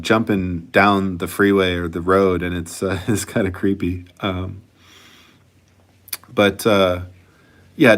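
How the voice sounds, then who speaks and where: Man, low voice, casual vlog chat, rambling, profane. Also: a bit bright. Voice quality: profane, rambling, laid-back. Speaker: channel host.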